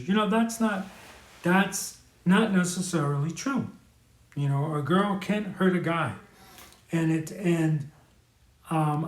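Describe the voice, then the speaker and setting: A man from New hosts a live stream, talking candidly and earnestly with many fillers and restarts. His voice sits a little high for a man. The room gives the sound a clear echo. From New York. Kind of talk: casual live-stream advice talk.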